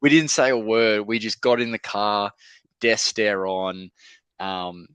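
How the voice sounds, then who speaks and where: Young Australian male athlete, low-pitched, clean and dry podcast sound, easygoing storyteller. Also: steady tone, takes it slowly, a bit bright, clean tone, dry recording. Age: young adult. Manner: laid-back, laughs through his stories. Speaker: rugby league player, guest. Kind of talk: casual storytelling interview. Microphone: podcast microphone.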